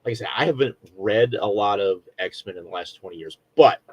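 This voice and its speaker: Man, middle-aged, low-pitched, podcast co-host, casual rambling, many fillers. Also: brisk, slightly rough, no room sound, muffled recording. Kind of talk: casual review chat.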